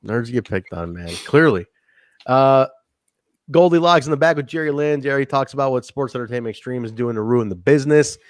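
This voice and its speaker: A man's voice: mid-range voice, brisk, no echo. Guy rambling on a wrestling podcast, voice all over the place, swears a lot, dry mic. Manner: animated, rambling, swears and laughs easily. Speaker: podcast co-host. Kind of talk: casual wrestling review chat.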